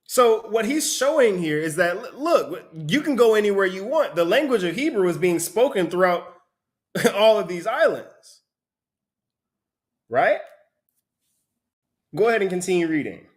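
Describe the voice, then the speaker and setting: A man teaching a Bible study, explaining the text in an animated way and often asking "right?". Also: high-pitched, a little slow, long pauses. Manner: animated, asks rhetorical questions, repeats "right?". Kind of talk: sermon-style teaching with a reader.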